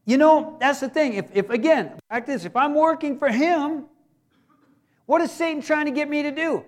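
A man preaches with a strikingly high voice, chatting folksily with his congregation. He pushes some lines hard and loud, then drops to a hushed, quiet delivery, dropping jokes along the way. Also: moderate pace. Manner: swings between emphatic raised delivery and hushed, quiet passages; folksy, joking asides to the congregation. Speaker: pastor. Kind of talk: sermon.

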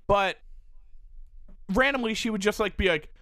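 A man's voice: sits high, moderate pace, dry recording, studio quality. A man telling a long story in casual chat, swearing often and filling with "like". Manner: animated, profane, heavy use of "like".

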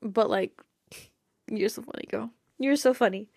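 A woman hosts a casual fan podcast in a bright, higher voice. She gushes and giggles, and her thoughts tumble out loosely. The sound is dry and close, with no room around it. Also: moderate pace, gravelly, breathy edge, no room sound. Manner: bubbly, giggly, gushing; rambling with frequent fillers like "like" and "you know". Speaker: podcast host.

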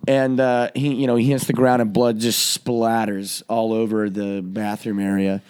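A man hosting a podcast, telling a story to friends in a casual way, swearing and laughing often and jumping into loud, high voices when he quotes people. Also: little pitch movement, moderate pace, a little hiss or hum. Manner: profane, laughing often while he tells the story. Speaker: podcast host.

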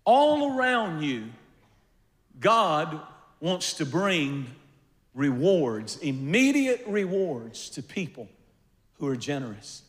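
An older man preaching a sermon, telling a funny personal story with animated swings between quiet asides and loud bursts. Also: on the high side, slow. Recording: long reverb of a large hall.

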